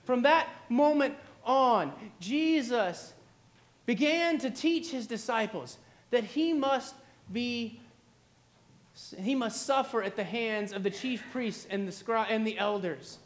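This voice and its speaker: A man's voice: extremely high pitch, takes it slowly. A man preaching a sermon, retelling a story dramatically with repeated refrains. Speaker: pastor.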